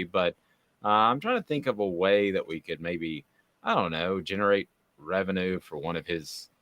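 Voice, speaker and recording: A man's voice: deep voice, a bit bright, no room sound. A man hosting a casual sports panel, telling corny puns and ribbing his co-hosts. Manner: jokey, tells corny bean puns. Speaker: sports show host.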